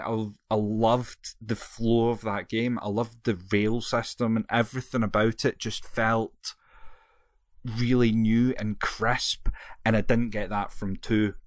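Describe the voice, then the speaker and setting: A man's voice: fairly low pitch, no echo, studio quality. A man, co-hosting a casual chat and rambling through his opinions, often correcting himself. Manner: rambling, self-correcting, jokey. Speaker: podcast co-host.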